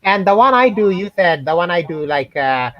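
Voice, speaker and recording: A man's voice: high voice, sing-song, moderate pace. A male guest talking hesitantly, with many fillers, over a remote call. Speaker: guest scam baiter. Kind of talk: casual interview chat. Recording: dull dry remote call.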